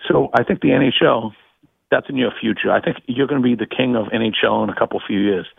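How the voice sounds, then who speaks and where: Male caller with a Boston accent, very gravelly and husky, rambles on a tinny phone line. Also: mid-range voice, fast, no echo. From Boston area. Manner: rambling, repeats words. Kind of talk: casual chat on a phone call.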